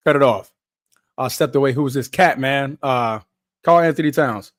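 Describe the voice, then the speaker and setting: Young male podcast host, animated slangy game chatter, slightly high voice, dry close mic. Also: normal speed, no room sound. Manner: laid-back slangy chatter, laughs often. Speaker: podcast host doing a live watch-along. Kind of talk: casual live game reaction.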